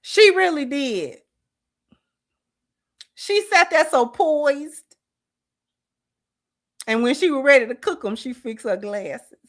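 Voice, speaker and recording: A woman's voice: high voice, animated, slow, long pauses. A woman host giving casual, colloquial commentary and speaking directly to her viewers.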